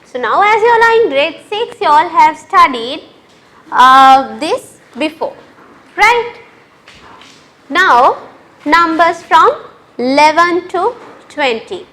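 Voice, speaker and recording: A woman teaching a lesson to pupils, speaking slowly and repeating each word for them to copy. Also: very high voice, big pitch swings, pushed and bright. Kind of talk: classroom lesson.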